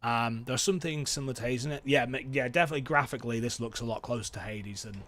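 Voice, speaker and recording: A man's voice: medium pitch, quick pace, fairly bright tone. A man streaming a story game, chatting with viewers and reading the game's dialogue aloud in his plain voice. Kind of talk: casual let's play chat, reading game text aloud.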